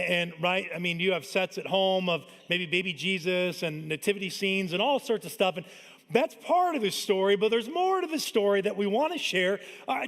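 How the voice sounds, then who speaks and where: High-voiced pastor in a reverberant hall. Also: male voice, fairly bright tone. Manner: conversational, tells family stories. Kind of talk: Christmas sermon. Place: large church hall. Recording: long church-hall reverb.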